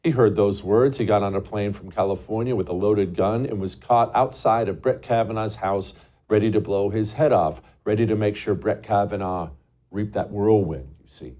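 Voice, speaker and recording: A man's voice: on the low side, normal speed, dark tone. A man hosting a talk show, delivering an emphatic, scornful political monologue and repeating words for stress.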